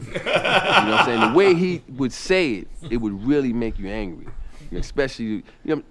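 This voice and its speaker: A man spinning a rowdy stand-up story, restless and lively, stumbling over his words and restarting a lot. his voice sits in an ordinary middle register and climbs high whenever he mimics someone. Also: moderate pace. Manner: animated, repetitive restarts, jumps up in pitch for impressions. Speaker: stand-up comedian telling a story.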